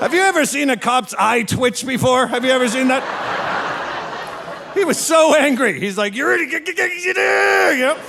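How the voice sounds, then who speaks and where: A man's voice: very high-pitched, animated, normal speed, long pauses, over a noisy crowd, very noisy. A man in his forties doing stand-up comedy, telling a rowdy story with constant "all right?" asides. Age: 40s. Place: comedy venue with a live audience.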